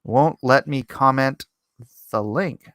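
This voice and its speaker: A man's voice: mid-range voice, slow pace, a bit bright, no room sound, studio quality. A man hosting a casual livestream, reading viewer comments aloud and chatting back in a rambling, self-deprecating way. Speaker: livestream host.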